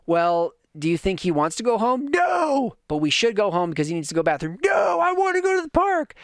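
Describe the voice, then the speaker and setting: A man voicing his stubborn little boy in a high, whiny, childish voice. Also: wildly swooping pitch, brisk, no room sound, clean studio sound, full character voice. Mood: defiant. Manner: high squeaky childish whine.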